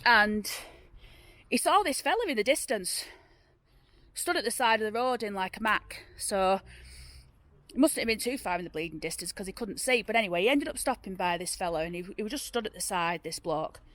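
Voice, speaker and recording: Standing outdoors beside a road, a Northern English woman tells local ghost stories in a chatty, wandering manner, full of fillers and restarts. Her voice is medium in pitch, animated, fairly bright and a touch quick, with no room sound.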